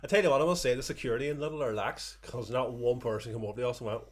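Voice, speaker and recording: A man's voice: medium pitch, rapid-fire. A man co-hosting a podcast, explaining things at length in casual chat. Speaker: podcast co-host.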